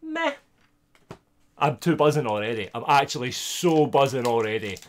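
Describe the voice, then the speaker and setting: Excitable Scottish man opening cards. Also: mid-range voice, brisk, a little hiss or hum. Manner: chatty and excitable, bursts of loud delight. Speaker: streamer. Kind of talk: casual live-stream card opening, chatting to viewers.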